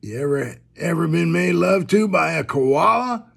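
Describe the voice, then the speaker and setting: A smug, smooth-talking male koala from a spoken bar joke, as a man puts him on. The voice is gravelly and lively in pitch, sliding up and down as he brags. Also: a little slow, exaggerated voice. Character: smug male koala, cocky barroom charmer.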